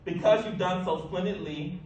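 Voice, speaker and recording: A man's voice: high-pitched, normal speed, a little mellow, dull audio, pitched above the performer's own voice, close to an everyday voice. Weepy fretful school principal, a guy reading him out, echoey room, mic kinda far off. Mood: proud. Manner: tearful, fretful announcing.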